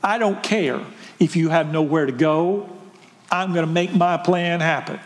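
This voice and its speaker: A man's voice: a little high, unhurried, long reverb tail, natural voice. A man voicing an angel who speaks in firm, reassuring declarations. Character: calm, commanding male angel messenger.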